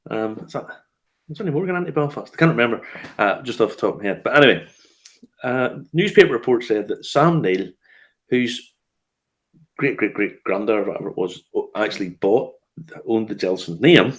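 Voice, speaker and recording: A man's voice: on the low side, animated, a little fast. A man hosting a casual whiskey news chat, telling stories with lots of fillers and restarts. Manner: chatty storyteller, laughs often, frequent fillers and restarts. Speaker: host of a whiskey news show.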